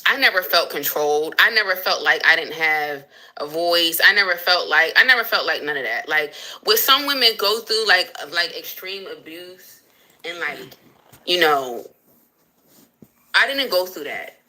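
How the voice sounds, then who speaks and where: A woman's voice: fairly low pitch, lively intonation, moderate pace, pushed and bright, low-quality recording. A woman hosting a casual livestream, speaking candidly and emotionally and answering viewers as she vents about her marriage. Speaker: livestream host.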